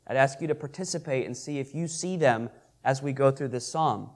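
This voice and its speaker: A man's voice: medium pitch, brisk, darkish tone. A man teaching scripture as a pastor, asking the audience questions and reading verses aloud with earnest emphasis. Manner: earnest, repeats and restarts, reads scripture aloud with rising emphasis. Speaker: pastor teaching a Bible class. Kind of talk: interactive sermon with questions to the audience.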